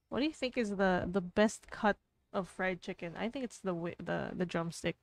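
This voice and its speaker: A woman's voice: lowish voice, moderate pace, gravelly, no echo. A young woman streamer playing a dating game aloud, reading the narration with playful, jokey asides.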